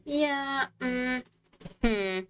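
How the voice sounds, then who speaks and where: In a high-pitched, smooth voice and at a very slow pace, a woman streamer muses to herself during casual gameplay commentary, sounding hesitant as she talks things over.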